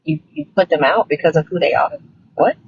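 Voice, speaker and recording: A man's voice: high voice, very animated, brisk, husky. A man host asking probing, incredulous questions in casual conversation. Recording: dull, muffled remote audio.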